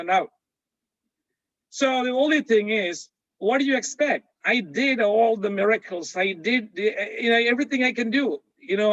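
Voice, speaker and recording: A man reading a patient, lecturing God: high, emphatic, fatherly. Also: a bit bright, dry recording, dull audio. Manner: patient, explaining, rising to emphasis.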